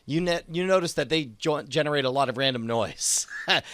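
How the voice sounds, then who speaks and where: A man co-hosting a podcast, rambling in quick bursts with lots of fillers. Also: on the high side, a bit bright, clean tone, no echo. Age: adult parent. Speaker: podcast co-host. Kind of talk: casual chat.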